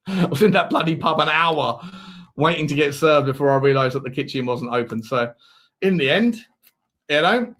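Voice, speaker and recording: A man's voice: on the high side, moderate pace, long pauses, a bit bright. A man hosting a live football watch-along, chatting in a rambling way and reading out viewer messages. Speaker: host.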